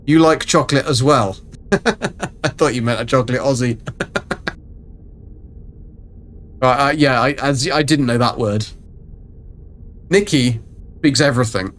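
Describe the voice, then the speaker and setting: A man's voice: medium pitch, a little slow, long pauses, a bit bright, a little hiss or hum. A man chatting casually and rambling through a live game stream. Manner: chatty, rambling, self-mocking.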